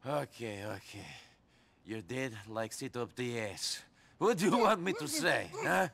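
A man's voice: medium pitch, animated, measured pace, vocal fry, fairly bright tone, full character voice. An actor playing a dry-witted, sarcastic male game hero in cutscenes. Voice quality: sarcastic, wisecracking under pressure. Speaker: player character. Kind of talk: video game cutscene acting.

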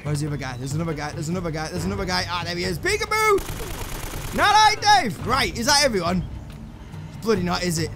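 An English man giving excitable, swearing let's play commentary to himself while he plays, with game music behind him. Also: high-pitched, very fast, noisy background. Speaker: gameplay commentator.

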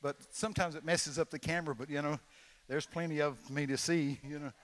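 A man, telling folksy stories in an animated sermon, sometimes shouting quoted lines. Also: a little high, fairly quick. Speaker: guest preacher. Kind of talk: storytelling sermon. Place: large church hall. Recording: long reverb of a large hall.

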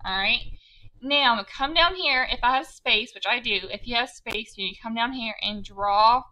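A woman teacher giving a slow, patient writing lesson to young children, spelling words out letter by letter. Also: on the high side, sharp tone, low-quality recording.

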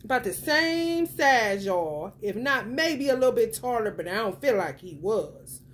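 A woman with a fairly high voice chats loosely with her viewers as a tarot reader, swearing freely. She keeps leaping into excited, laughing retellings of her own reactions. A light background noise sits under the recording. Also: a little slow. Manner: animated, profane, swings into excited high-pitched retellings with laughter. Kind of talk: casual spiritual chat to viewers.

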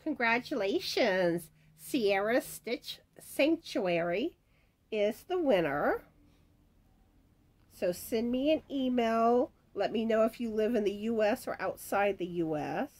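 Slow-talking woman, chatty. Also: a little high, lively intonation. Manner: chatty, laughs often, warm asides to viewers. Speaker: crochet channel host announcing giveaway winners. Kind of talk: casual chat, reading viewer comments aloud. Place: at home, screen door rattling in the wind.

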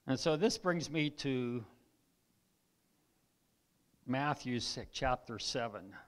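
Pastor with a tired, weakening voice. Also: male voice, mid-range voice, lively intonation, slow pace, fairly bright tone. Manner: reads scripture aloud, throat clearing, repeats for emphasis. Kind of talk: sermon. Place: church.

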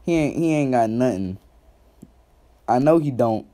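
A man's voice: mid-range voice, lively intonation, unhurried, warm tone. A man doing reaction commentary, roasting another creator in loose slang and laughing often.

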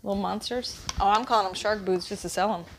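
A woman's voice: medium pitch, fast talker, heavy background noise. A woman reselling online, chatting playfully while she unboxes and sorts through a lot of shoes. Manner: chatty, playful, thinks aloud. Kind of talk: casual unboxing chat.

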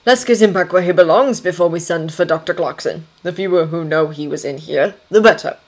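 A woman reading aloud voices a stern, commanding middle-aged aristocratic father, speaking in a measured, authoritative way. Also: fairly low pitch, a little mellow. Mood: firm.

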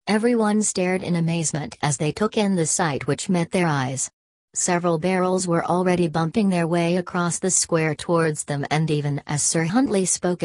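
Low-voiced woman reading a storybook. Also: a little mellow, dry recording. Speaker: narrator.

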